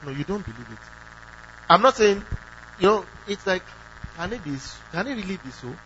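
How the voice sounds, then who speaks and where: Man preaching a sermon, fairly high voice. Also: very animated, normal speed, sharp tone. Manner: emphatic, asks the congregation questions, acts out quoted prayers. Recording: dull lo-fi recording with faint hum.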